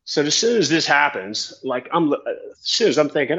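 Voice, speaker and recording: A man's voice: fairly high pitch, expressive, fairly quick, a bit bright, highs cut off. A man, a tandem skydiving instructor telling a story in a casual, rambling chat and swearing freely.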